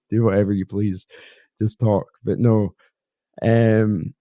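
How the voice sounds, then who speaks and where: A man with a Scottish Borders accent hosts a solo podcast, speaking candidly and rambling self-deprecatingly into a podcast mic in a reflective monologue. His voice is on the low side and warm, with a dry, muffled recording.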